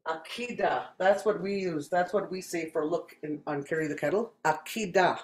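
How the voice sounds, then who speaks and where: A language teacher from Saskatchewan, Canada, giving a spoken lesson and repeating each word slowly and deliberately. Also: medium pitch, roomy sound.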